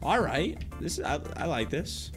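Man streaming a video game, chatty reactions, animated pitch, faint music behind. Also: moderate pace. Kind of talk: casual game commentary.

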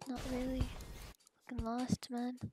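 A woman's voice: fairly high pitch, monotone, unhurried. A woman streaming a game, grumbling and swearing under her breath as she plays. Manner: grumbling, swearing, muttering to herself. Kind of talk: live gameplay commentary. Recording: music playing behind the voice.

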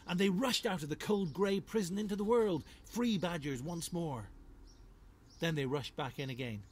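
A children's author, a man, reading his storybook aloud in a lively, rhythmic, playful way. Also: a little high, normal speed, breathy edge. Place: home.

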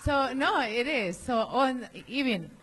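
A woman with a Spanish accent doing a halting first stand-up set, lots of fillers and nervous laughs. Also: high voice, animated, very noisy. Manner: halting, laughs between words, lots of "you know". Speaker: open-mic comedian. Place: comedy club stage.

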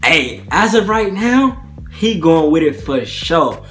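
Chatty young man, fairly high voice. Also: very animated, takes it slowly, fairly bright tone, faint music behind. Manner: chatty, slangy, keeps asking "you feel me". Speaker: prank vlogger. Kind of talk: casual talk to camera.

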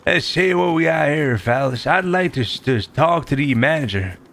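A man streaming a survival game, talking loud and excitable and swearing often. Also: a little high, normal speed, vocal fry. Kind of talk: casual gameplay streaming.

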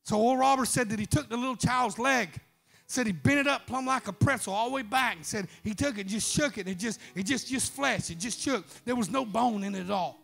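A man preaching a sermon, telling a story and then rising into fervent shouts. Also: very high voice, a little fast, creaky. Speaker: pastor.

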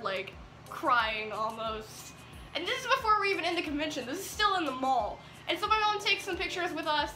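Bubbly bright-voiced teen girl storytelling. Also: sits high. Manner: giddy, rambling with many "like"s. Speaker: vlogger. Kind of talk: excited storytime chat. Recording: echoey room with faint music.

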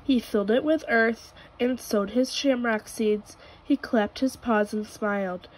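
A woman reading a children's picture book aloud, telling it gently and clearly. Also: fairly high pitch, a little slow, low-quality recording. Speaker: storybook reader.

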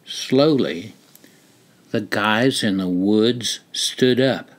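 An older man reading his own memoir aloud in a slow, deliberate storytelling manner. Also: lowish voice, slight background noise. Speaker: memoir narrator. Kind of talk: reading a personal war memoir.

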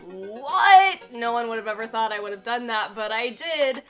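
A woman's voice: fairly high pitch, steady tone, brisk, fairly bright tone, soft background music. A young woman chatting to her camera in a giggly, self-mocking way, telling a story to her viewers. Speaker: vlogger. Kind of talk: casual chat to camera. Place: indoors, sitting on a cardboard box.

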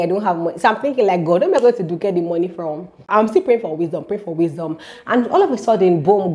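A young woman recounts her testimony with lively energy, repeating key phrases and turning to her viewers. Her voice sits at an ordinary middle pitch. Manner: animated storytelling, repeats phrases, speaks directly to viewers. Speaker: vlogger sharing a faith testimony. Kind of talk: casual testimony to camera.

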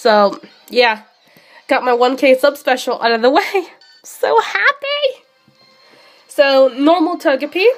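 A woman streamer chatting casually and excitably while playing a game, often pausing on drawn-out fillers. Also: high-pitched, faint music behind. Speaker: streamer hunting shiny creatures in a game. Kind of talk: casual live-stream chat.

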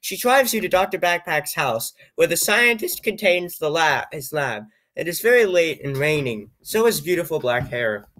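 A man's voice: fairly high pitch, expressive, moderate pace, hardly any pauses, pushed and bright. A man reading an AI-written story aloud and breaking off for wry, amused comic asides. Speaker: reader and commentator.

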